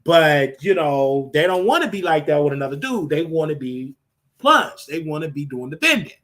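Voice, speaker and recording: A man hosting a show in a casual gossip chat, telling stories in an animated, dishy way with sudden jumps in pitch. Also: normal speed. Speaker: show host.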